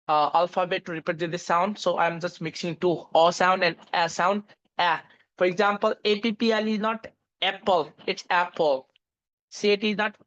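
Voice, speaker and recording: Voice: medium pitch, fairly bright tone, highs cut off. A teacher giving an online English pronunciation lesson, spelling out words letter by letter with many fillers and restarts. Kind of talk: online lecture.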